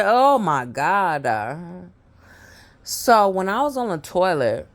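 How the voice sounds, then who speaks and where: With a medium-pitched voice that swings widely, she speaks slowly. It's a storytelling monologue: a woman vlogger addressing viewers about something personal, laughing often and filling it with asides and fillers.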